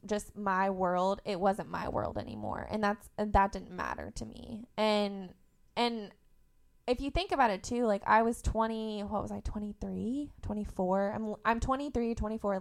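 A young woman from Indiana speaks openly as a podcast guest, her voice at an ordinary middle pitch. She talks in a candid, emotional way and keeps laughing through painful memories. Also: moderate pace, creaky. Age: young adult. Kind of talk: candid conversational storytelling.

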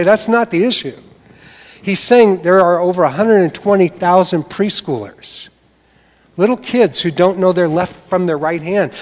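A male pastor delivers a sermon in a lively, conversational way and keeps tossing in rhetorical asides. His voice sits slightly high for a man. A long hall reverb trails each phrase.

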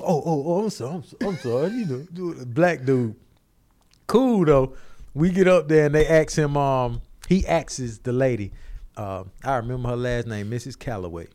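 Animated man telling a funny story. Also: on the high side. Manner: animated, acts out the people in his story. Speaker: storyteller on a podcast. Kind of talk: casual comedic storytelling.

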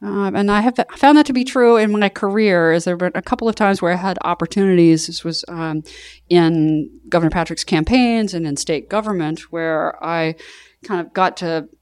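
A woman's voice: fairly low pitch, normal speed, a little mellow, clean tone, dry recording, clean studio sound. A woman in her thirties from the American South, a chatty guest on a podcast who laughs often and jokes about herself. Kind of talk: casual podcast interview.

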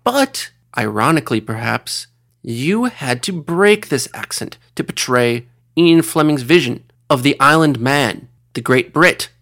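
A man's voice: mid-range voice, animated, unhurried, creaky, a bit bright. A man hosting a comedy sketch interview, speaking in a formal, pompous way with flowery phrasing. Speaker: host.

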